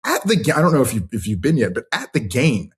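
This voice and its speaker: A man cohosting a sports podcast, talking in an animated, exasperated, rambling way. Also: mid-range voice, fast. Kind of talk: casual podcast chat.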